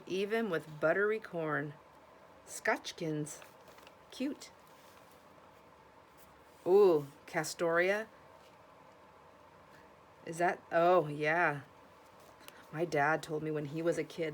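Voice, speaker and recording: A thrift-haul vlogger from Washington State chats casually to the camera in a notably low voice. She rambles and restarts sentences, gasping and exclaiming over each new find, with a faint hiss beneath her voice.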